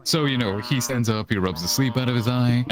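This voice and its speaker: Talking fairly quickly in a medium pitch, a young man acts out the quotes in a long, profane, animated story. It's casual talk over online voice chat, and a crowd can be heard behind him.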